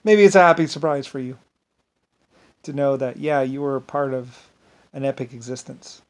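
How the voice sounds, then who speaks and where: A man's voice: medium pitch, moderate pace. A man giving a meandering, grandiose unscripted monologue, often repeating himself. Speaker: solo speaker.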